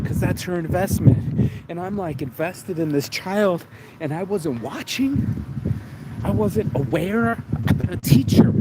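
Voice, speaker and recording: A man with a high voice hosts his own vlog, walking down a street in the rain while shaken from crying. His emotional monologue is raw, profane, and rambling, set against heavy background noise.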